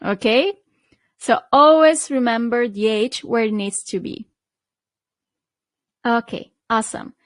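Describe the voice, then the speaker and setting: Lady teacher going slow, stretching out words for you to repeat, dry close mic. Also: fairly high pitch, no room sound. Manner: slow, drawn-out model pronunciations for repeating. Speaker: Italian teacher. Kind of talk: online language lesson.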